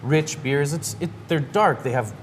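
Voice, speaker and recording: A man's voice: on the high side, measured pace, slight background noise. Joking man explaining beer. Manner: jokey, loose, many fillers. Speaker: brewery guest. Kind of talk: casual radio interview.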